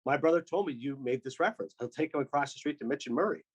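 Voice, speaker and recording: A man from Canada, a sports broadcaster, telling quick animated stories in a casual podcast chat. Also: mid-range voice, slightly rough, low-quality recording. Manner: fast, animated storyteller with quick asides.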